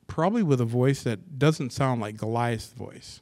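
Guy pastor preaching a sermon, reads the verses then riffs on them, goes quiet then gets all fired up. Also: medium pitch, normal speed, few pauses. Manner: expressive preaching, swings from hushed asides to excited bursts; reads scripture aloud, then comments on it. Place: church assembly.

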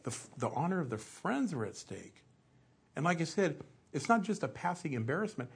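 A middle-aged man preaching, his voice a touch husky and breathy. He tells stories in a loose, conversational sermon style and acts out short asides along the way. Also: on the high side. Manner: conversational storytelling with acted-out asides.

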